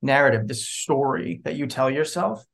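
A man's voice: mid-range voice, expressive, moderate pace, gravelly, fairly bright tone. A man appearing as a therapist guest on a podcast, explaining thoughtfully and checking in with "right?". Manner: thoughtful, explanatory, many restarts and "right?" tags. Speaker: psychotherapist guest. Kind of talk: casual podcast interview.

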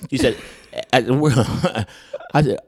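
A man's voice: medium pitch, drawn-out words, husky. A man hosting a podcast, telling an anecdote and acting out what people said, with many stammered restarts. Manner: animated storyteller who acts out quotes, with frequent stammered restarts. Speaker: podcast host. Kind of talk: storytelling anecdote in casual chat.

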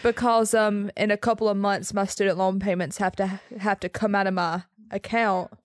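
A woman's voice: medium pitch, flat delivery, moderate pace, no echo. A woman in her twenties co-hosting a casual podcast from her bedroom, with a dry, sarcastic manner. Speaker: podcast co-host. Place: sitting on her bed at home.

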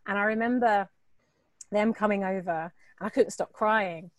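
A middle-aged woman, a guest entrepreneur, telling her story in a candid, animated way, swearing and laughing as she acts out quoted voices. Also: mid-range voice, normal speed, dry recording.

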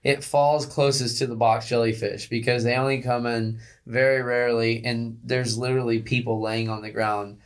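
A man chats with friends, recalling a painful experience. He talks haltingly, restarting his sentences as he searches for the words he wants. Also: medium pitch, level tone. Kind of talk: casual chat.

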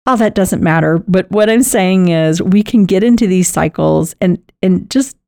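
A woman's voice: on the low side, moderate pace, gravelly, dark tone, no room sound, studio quality. A middle-aged woman, hosting a podcast and chatting casually about caregiving, telling stories with laughs. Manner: chatty storytelling with frequent laughs and restarts. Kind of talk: casual personal monologue.

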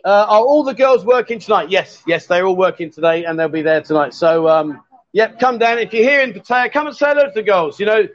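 Jokey, loud man hosting. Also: high voice, fairly quick, highs cut off. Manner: loud, jokey, coaxing and chatty. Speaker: host. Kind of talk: casual live-stream chat in a bar.

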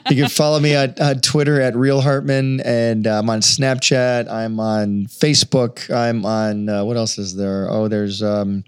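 A middle-aged man chatting as an interview guest, telling stories with animated energy and acting out quotes. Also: medium pitch, measured pace, few pauses, smooth. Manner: animated storyteller, acts out voices and quotes. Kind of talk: casual interview chat.

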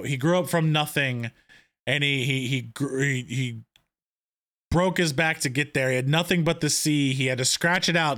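A man co-hosting a casual podcast, recapping a TV episode in an excited, rambling way with many restarts. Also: fairly high pitch, smooth. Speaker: podcast co-host.

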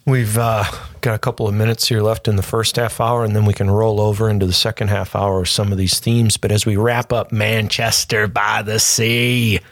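Male radio host, low voice, dry studio sound, keeps the show moving. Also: level tone, moderate pace, hardly any pauses, no room sound. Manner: steers the talk, wraps segments.

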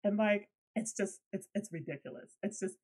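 Woman co-host, casual podcast chat, lively and swears freely. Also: medium pitch, moderate pace, breathy edge, rough recording. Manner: animated, laughs often, swears when riled.

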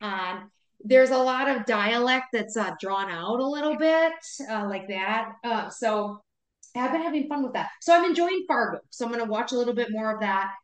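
A woman's voice: on the high side, lively intonation, normal speed. Chatty woman in an echoey room. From Wisconsin. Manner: chatty, rambling, laughs often. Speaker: podcast co-host. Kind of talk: casual podcast chat.

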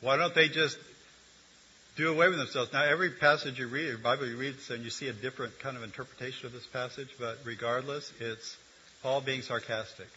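Bright-voiced older man preaching. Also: mid-range voice, steady tone, fast, slight background noise. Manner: conversational teaching with humor and asides. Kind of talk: sermon. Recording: dull lo-fi recording.

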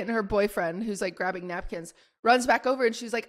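A young woman co-hosting a podcast, telling a story in a rambling, animated way full of "like". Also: a little high, brisk, hardly any pauses. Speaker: podcast co-host. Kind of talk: casual chat storytelling.

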